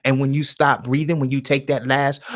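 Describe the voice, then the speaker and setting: A man with a fairly high voice hosts a solo live stream from his home. His monologue is slow and contemplative, rising to loud emphasis and then dropping to a near-whisper.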